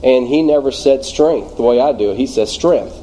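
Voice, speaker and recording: A man from Louisiana, with a Southern accent, leads an informal Bible study at his church. His voice is warm and mellow, sitting at a middling pitch. He speaks haltingly, full of fillers and false starts. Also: poor audio. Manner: halting, many fillers and restarts.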